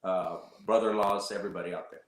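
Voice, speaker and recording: A male musician guest in a casual interview, giving grateful thanks and shout-outs and often repeating words and ending phrases with "man.". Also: low-pitched, steady tone, quick pace, roomy sound.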